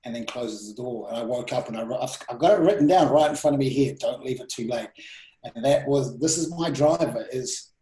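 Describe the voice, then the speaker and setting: A man guesting on a podcast as a presenting mentor, telling personal stories in a casual, animated way, his voice rising and dropping sharply. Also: mid-range voice, fairly quick, hardly any pauses, echoey room, low-quality recording. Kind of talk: casual storytelling interview.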